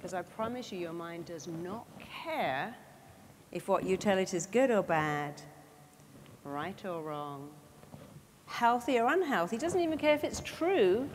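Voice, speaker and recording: A woman giving an animated motivational talk to an audience. She acts out the inner voices she quotes. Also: mid-range voice, a little slow. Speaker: motivational speaker. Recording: reverberant hall, faint background noise.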